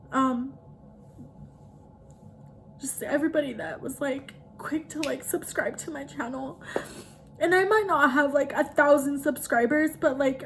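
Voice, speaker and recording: A vlogger chats casually and emotionally in a personal video, leaning heavily on "like". Her voice sits high, with a little hiss or hum in the audio.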